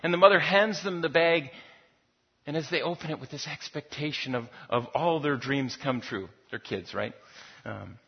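A man's voice: on the high side, normal speed, creaky, husky. A man preaching a sermon in a conversational, storytelling manner, often repeating words as he goes. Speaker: pastor. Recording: dull lo-fi recording.

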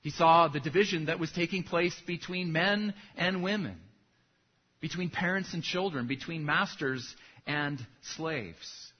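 Husky-voiced pastor preaching a sermon. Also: male voice, fairly high pitch, a little slow, highs cut off. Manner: storytelling with acted punchlines.

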